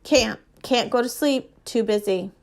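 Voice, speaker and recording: A woman reading aloud and voicing an anxious, frantic mother who talks near yelling in a storybook. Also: on the high side, measured pace. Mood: agitated.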